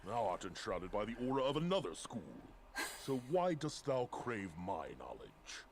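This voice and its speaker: A man's voice: lowish voice, wildly swooping pitch, moderate pace, full character voice. A man voicing a proud male ice warrior champion in a video game, speaking in a grave, old-fashioned formal way. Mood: solemn. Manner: old-fashioned formal speech, solemn proclamations. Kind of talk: video game character dialogue.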